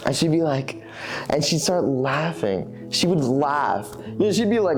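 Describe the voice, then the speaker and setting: A man's voice: on the high side, lively intonation, normal speed, darkish tone. Man, candid interviewee; rambling, thoughtful delivery with restarts, faint music bed. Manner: rambling, reflective, with frequent fillers and restarts.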